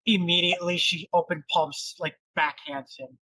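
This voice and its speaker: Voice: medium pitch, flat delivery, normal speed, pushed and bright, no echo, low-quality recording. Casual player with loose, filler-heavy talk. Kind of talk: playing a tabletop game.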